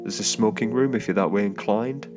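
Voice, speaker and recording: This is a solo podcast host from England, his voice on the low side and fairly quick. He wanders through a travel anecdote in a relaxed way, with plenty of fillers, restarts and chuckled asides, while gentle guitar music plays under him on a home-microphone recording.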